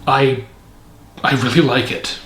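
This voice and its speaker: A man's voice: medium pitch, slow pace, fairly bright tone, slight background noise. A man reviewing a film in casual commentary, rambling and opinionated with frequent fillers. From Canada. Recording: echoey room.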